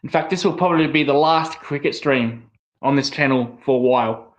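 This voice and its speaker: A South Australian man with an Australian accent commentates a cricket match live for his stream, keeping it casual and excitable. His medium-pitched voice moves at normal speed and rises sharply whenever a wicket falls or a big moment hits.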